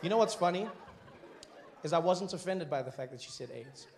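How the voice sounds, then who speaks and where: Animated stand-up comic man, high voice. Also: a little fast, vocal fry, noisy background. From Africa. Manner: animated, acts out high-pitched characters, bursts into shouting. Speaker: stand-up comedian. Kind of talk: stand-up comedy set. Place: comedy stage before a laughing audience.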